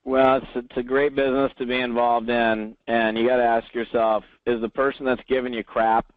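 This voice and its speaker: A man telling stories in an animated way during an interview, acting out the voices of people he quotes. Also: medium pitch, normal speed, no echo. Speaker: network marketing trainer, guest. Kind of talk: storytelling interview answer. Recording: tinny phone line.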